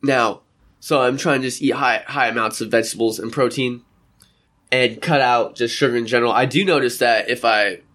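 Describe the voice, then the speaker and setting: A man's voice: mid-range voice, fairly even intonation, normal speed, a bit bright. A young man in casual, rambling vlog chat, talking from a room by a window and acting out little quotes. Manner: rambling, chatty, acts out quotes. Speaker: vlogger.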